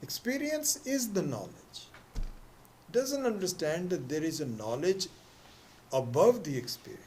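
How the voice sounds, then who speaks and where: Storytelling male spiritual teacher, halting. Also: on the high side, very animated, a little mellow, slight background noise. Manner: storytelling, acts out quoted voices; halting restarts. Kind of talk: scripture class lecture.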